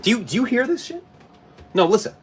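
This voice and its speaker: A man's voice: extremely high pitch, sing-song, fairly quick, a little mellow, distant mic, soft background music. A young man streaming live, ranting to his chat in a casual, incredulous way and laughing as he goes.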